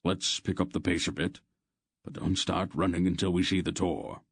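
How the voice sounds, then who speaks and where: A man voicing a calm old sorcerer. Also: low-pitched, normal speed, husky, no room sound, studio quality. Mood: commanding. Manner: calm, decisive.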